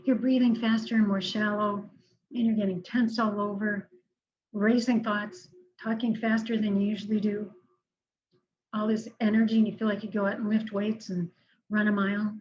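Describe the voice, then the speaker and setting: A woman counselor giving a calm, instructive talk on managing anger, slowing down to guide breathing exercises. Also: medium pitch, highs cut off.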